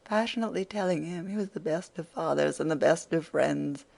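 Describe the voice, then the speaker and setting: An audiobook narrator reading a classic novel in a steady storytelling manner. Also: mid-range voice, brisk, gravelly. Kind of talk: scripted narration.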